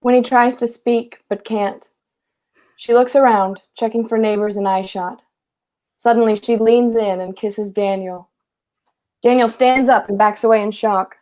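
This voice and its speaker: A woman reading stage directions aloud in a live play reading, with plain, even delivery. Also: fairly high pitch, unhurried.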